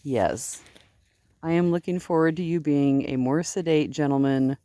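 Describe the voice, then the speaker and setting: Chatty woman with a mellow voice. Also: low-pitched, measured pace, dry recording. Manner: rambling, chatty, baby-talks to her sheep. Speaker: sheep farmer and video host. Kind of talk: casual outdoor vlog chat. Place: outdoors in a farm yard.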